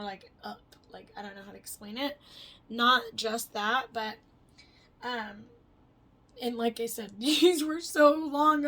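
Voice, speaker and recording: A young adult woman with a slightly high, fairly bright voice is casually vlogging about her life. She's chatty and rambling, packing her talk with fillers and swearing freely.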